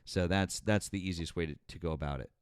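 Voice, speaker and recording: A man talks low and close in a dry, deadened space. He hosts a live stream and thanks viewers one by one, casual and profane, stumbling over his words and filling gaps with ums. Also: fast, clean tone, no room sound.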